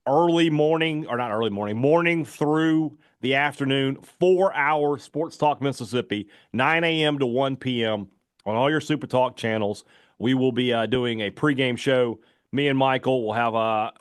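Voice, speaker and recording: A man's voice: medium pitch, dry recording, clean studio sound. A man hosting a sports talk radio show, reading sponsor ads in a loose, chatty way full of fillers. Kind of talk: casual radio talk with live ad reads.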